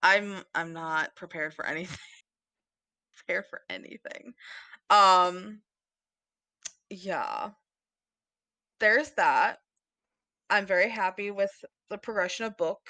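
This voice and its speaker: Bright, giggly woman podcaster. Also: medium pitch, unhurried, no room sound. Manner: rambling, giggly, many fillers. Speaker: podcast co-host. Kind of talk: casual chat about books.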